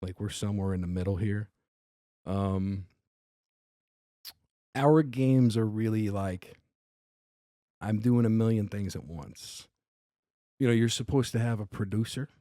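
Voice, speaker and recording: On a podcast, this Staten Island comedian speaks in a lowish voice at a measured pace with frequent pauses. He's an animated storyteller who acts out quotes and curses freely. The clean studio audio has no echo.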